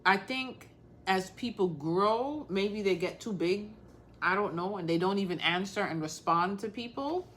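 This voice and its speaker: A woman's voice: mid-range voice, animated, measured pace, fairly bright tone, a little hiss or hum. A woman hosting a casual crafting livestream, talking bluntly and straight to the point while calling out viewers by name.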